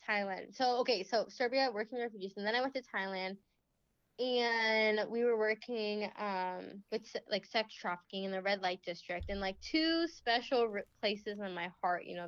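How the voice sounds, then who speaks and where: A young woman guest telling a faith story in casual chat, full of "like"s and quick laughs. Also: medium pitch, clean tone, no room sound. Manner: chatty, many fillers and "like"s, laughs often. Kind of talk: casual testimony in a faith podcast. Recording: slightly dull, lo-fi.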